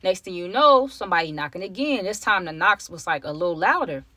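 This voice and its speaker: A storytime vlogger, this young woman has a lowish, bright, forceful voice with lively intonation and a brisk pace, recorded with no room sound. She tells her viewers a personal story in a casual, chatty way, often calling them y'all.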